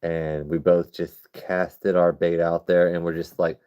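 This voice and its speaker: A man with a very low voice hosts a casual livestream. He rambles loosely from one thing to the next and swears freely as he talks to viewers in chat. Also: little pitch movement, moderate pace, hardly any pauses, warm tone. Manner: rambling, profane, chatting with viewers. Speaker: livestream host.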